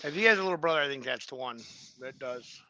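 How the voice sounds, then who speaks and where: A man's voice: mid-range voice, animated, fast talker, sharp tone, a little hiss or hum. A man co-hosting a podcast in casual chat, easygoing and asking questions. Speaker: podcast co-host.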